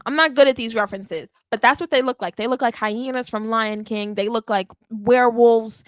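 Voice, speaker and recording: A woman hosting a wrestling podcast, recapping a live show in an animated, emphatic way and often checking in with "okay?". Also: a little high, moderate pace, dry recording. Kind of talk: live watch-along recap.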